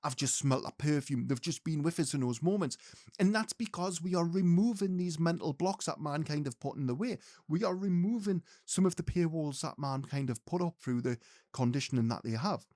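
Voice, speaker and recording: A man's voice: fairly high pitch, lively intonation, fairly quick, warm tone, no room sound, clean studio sound. A man teaching mediumship, speaking earnestly and directly to his listeners. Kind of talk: spiritual teaching talk to viewers.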